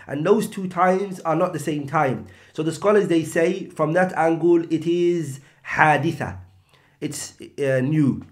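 A man's voice: a little high, a little slow. A man teaching an Islamic text, explaining in English with Arabic terms and rhetorical questions.

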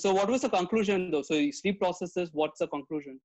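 A man's voice: high voice, fairly quick, darkish tone, muffled recording. A man hosting an interview, who laughs easily and muses aloud in a reflective, casual way.

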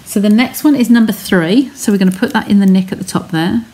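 A woman's voice: medium pitch, quick pace, mellow. A woman chatting as she talks viewers through a craft technique step by step on a live stream from her home studio. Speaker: craft demonstrator.

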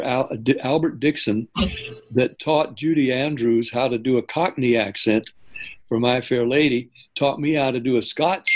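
A man's voice: medium pitch, poor audio. Older man telling a story. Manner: lively anecdotal telling with self-corrections. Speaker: guest. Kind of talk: interview storytelling.

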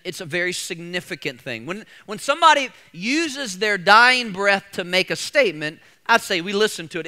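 Male pastor, sermon; high, animated delivery with a sharp edge, calls out to the church. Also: smooth. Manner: preaching with calls to the congregation; slow emphatic repetition.

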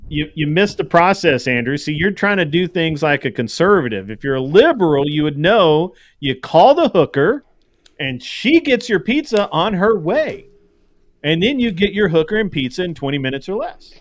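A man on a podcast trades wry, needling jokes in casual chat, often hesitating mid-line. His voice sits a little higher than most. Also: very animated, normal speed, no echo.

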